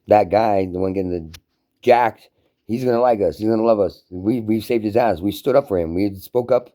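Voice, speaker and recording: A man's voice: lowish voice, moderate pace, pauses often, mellow. A man delivering a profane, emphatic, run-on rant to camera. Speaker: vlogger. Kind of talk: casual ranting monologue.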